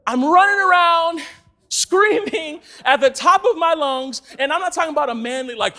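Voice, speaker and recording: A man's voice: very high-pitched, big pitch swings, fairly quick, pushed and bright. A man giving a sermon as a church team speaker, telling stories with energy, laughing and raising his voice at the peaks.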